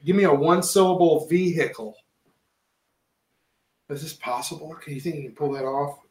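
A man's voice: a little high, moderate pace, roomy sound. A man running a word game among friends and hurrying them to answer. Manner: pushy, hurrying others along. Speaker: game leader asking for words. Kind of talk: casual group game.

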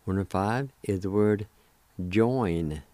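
Male radio language teacher, low and unhurried, patient syllable-by-syllable delivery, dry close sound. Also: a little mellow, dry recording.

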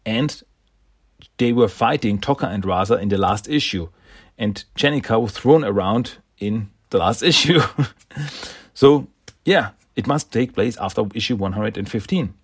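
A man's voice: lowish voice, expressive, moderate pace, breathy edge, no echo. A man casually recapping a comic book issue, enthusiastic and rambling, often laughing and restarting words.

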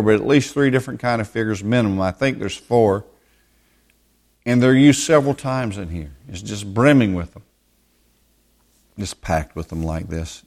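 Emphatic male Bible teacher, verse-by-verse sermon, hammers points by repetition. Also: mid-range voice. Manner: emphatic, repeats words for stress.

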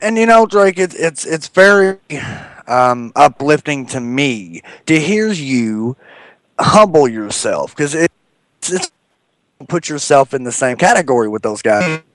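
A man's voice: on the high side, very animated, a little slow, no echo, poor audio. A man hosting a casual interview, enthusiastic and supportive toward his guest. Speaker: interviewer, former referee.

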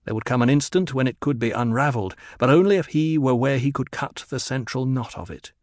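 A man narrating a novel in an even, descriptive reading. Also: mid-range voice, fairly quick, no room sound, clean studio sound. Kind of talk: audiobook narration.

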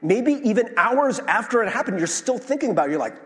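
Lively, animated male pastor in a reverberant hall. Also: extremely high pitch, brisk. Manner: conversational, self-deprecating, acts out quoted reactions. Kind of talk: sermon.

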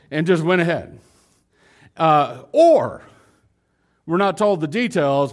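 A male pastor preaching a sermon, animated and talking straight to his congregation. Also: fairly high pitch. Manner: animated, acts out dialogue; addresses congregation directly.

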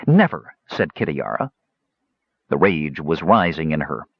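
A man reading a fantasy novel aloud in a measured storytelling manner. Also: extremely low pitch, lively intonation, vocal fry, no echo, lo-fi sound. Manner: measured storytelling, character voices. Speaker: audiobook narrator. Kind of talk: scripted fantasy narration.

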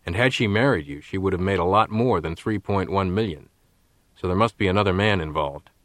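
A man voicing a shrewd male bank chief executive who speaks in a measured, guarded way. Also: low voice, fairly bright tone, dry recording.

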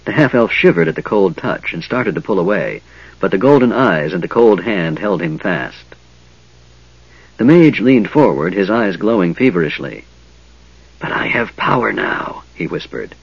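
A man narrating a fantasy novel in a dramatic, expressive reading. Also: low-pitched, normal speed, husky, no room sound, highs cut off. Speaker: audiobook narrator.

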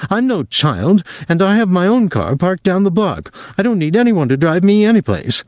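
A man's voice: sing-song, normal speed, no echo. A man putting on an obsessed young woman. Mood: intense. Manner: high, urgent, insistent.

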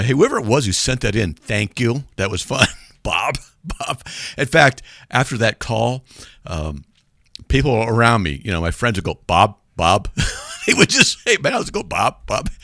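Animated, dry-sounding radio host, a man. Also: medium pitch, gravelly, dry recording. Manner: joking, animated, laughs at himself. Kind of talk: casual radio call-in talk. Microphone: studio microphone.

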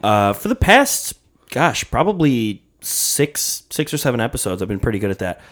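A male co-host with a lively, swooping voice rambles through casual podcast banter, swearing freely and getting worked up. His delivery is animated and loose. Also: medium pitch, moderate pace.

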